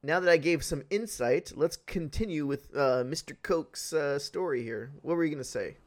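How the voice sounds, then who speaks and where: A man hosting a casual podcast chat, animated and swearing freely as he spins comic what-if scenarios. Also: on the high side, moderate pace. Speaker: podcast host.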